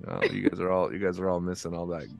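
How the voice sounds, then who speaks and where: A man's voice: low-pitched, flat delivery, fast, vocal fry, darkish tone, soft background music. A man co-hosting a podcast in casual chat, teasing and playful, swearing casually. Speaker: podcast co-host.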